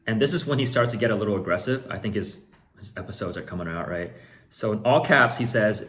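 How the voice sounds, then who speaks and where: A man's voice: fairly low pitch, quick pace, a bit bright. A man who runs an online card shop, telling a story in a casual vlog with exasperated, sarcastic asides.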